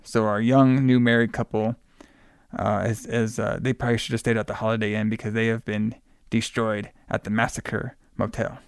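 A man's voice: lowish voice, level tone, normal speed, clean tone, dry recording, clean studio sound. A man casually recapping a film plot for a podcast, rambling with fillers and playful asides. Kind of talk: casual movie recap chat.

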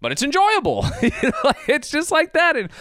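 A man hosting a podcast, ranting casually and excitedly, laughing and swearing as he goes. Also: extremely high pitch, normal speed, no room sound, clean studio sound. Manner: animated, laughing, swearing, mock voices. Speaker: podcast host. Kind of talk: casual anime podcast rant.

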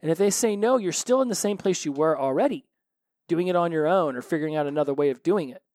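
A man's voice: a little high, animated, fast, a little mellow, no room sound, studio quality. A man hosting a solo recovery podcast, talking earnestly and animatedly, often repeating phrases for emphasis.

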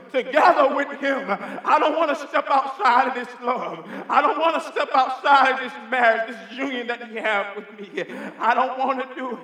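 A man's voice: very high-pitched, pushed and bright. A man preaching a sermon in a church sanctuary, fervent and emphatic, calling out hallelujah and amen. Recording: reverberant church hall.

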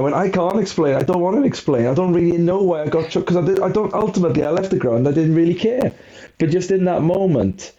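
A man's voice: high voice, fast talker, few pauses, mellow, muffled recording. A man co-hosting a casual football podcast, rambling and self-mocking as he talks through the match. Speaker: podcast co-host.

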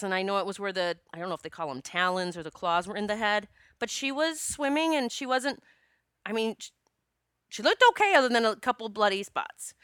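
A middle-aged woman telling a personal story in a casual, animated way, with swearing and laughter. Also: mid-range voice, clean tone, dry recording, studio quality. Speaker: author and speaker.

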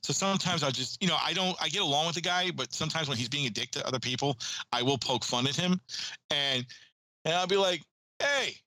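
A man, an archery coach guesting on a podcast, telling stories in animated casual chat and laughing often. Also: on the high side, fast talker, dry recording, poor audio.

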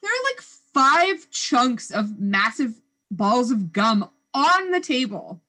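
Bright, high-voiced chatty woman. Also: slow. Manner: lively, reads out timestamps, playful disgust. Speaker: podcast co-host. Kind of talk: casual rewatch chat.

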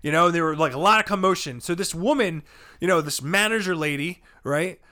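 A man, a comedian guest, telling a rowdy, profane story with animated delivery and sudden shouts. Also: a little high, fairly quick. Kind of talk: storytelling chat.

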